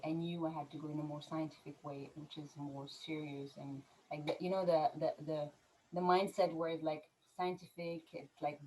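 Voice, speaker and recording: Woman, French accent, middle-aged, low voice, hesitant, fillers, casual interview. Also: warm tone, slight background noise, low-quality recording. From France. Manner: hesitant, many fillers and restarts, laughs easily. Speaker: guest, mindset coach.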